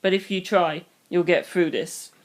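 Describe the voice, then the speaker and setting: A calm, soft-spoken middle-aged mother, put on by a storybook reader. She is gentle yet firm, and her voice sits at a plain, middle pitch. Her talk is quiet and reassuring. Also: measured pace, natural voice. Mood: tender. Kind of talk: storybook reading.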